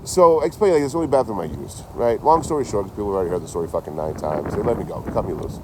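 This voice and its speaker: A man chatting casually to his livestream chat outdoors, telling stories in an animated, swearing way. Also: on the low side, racing, background noise. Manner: animated, swears a lot, talks to chat by name.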